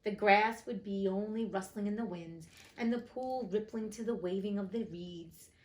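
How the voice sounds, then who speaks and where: A woman's voice: mid-range voice, moderate pace, a little mellow, poor audio. Emotional woman reading a storybook aloud. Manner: emotional, chatty, slangy asides. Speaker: reader of classic books. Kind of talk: storybook reading with chatty asides.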